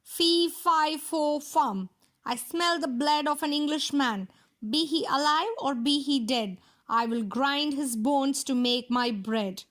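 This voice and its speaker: A woman's voice: high-pitched, takes it slowly, a bit bright. A woman voicing a huge, roaring, man-eating male giant in a children's story. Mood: menacing. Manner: roaring, threatening.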